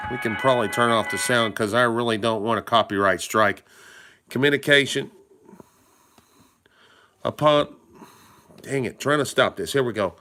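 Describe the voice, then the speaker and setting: A man's voice: medium pitch, moderate pace, pauses often, sharp tone, soft background music. A man giving casual, rambling commentary to his viewers, emphatic and full of rhetorical questions he puts straight to the audience. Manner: addresses viewers directly and informally. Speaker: political commentary vlogger. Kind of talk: casual talking-head commentary.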